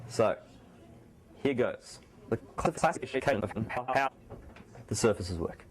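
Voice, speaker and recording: A man teaching university math in a lecture hall talks slowly in a mid-range voice with lively intonation. His voice is a little sore, and his loose, conversational delivery includes many restarts and self-corrections.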